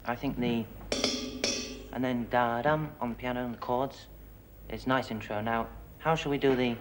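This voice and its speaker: A jazz drummer talks through ideas at a rehearsal and hums beats to show what he means. His voice sits at a middle pitch, with the band's instruments clearly heard behind him. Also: fairly even intonation, moderate pace, over music. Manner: explains ideas by humming rhythms. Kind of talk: rehearsal discussion.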